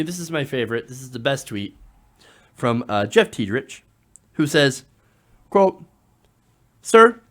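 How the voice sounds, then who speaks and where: A man hosting casual political commentary, reading tweets aloud with a sarcastic tone and frequent chuckles. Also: medium pitch. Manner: sarcastic, chuckling often, lively delivery.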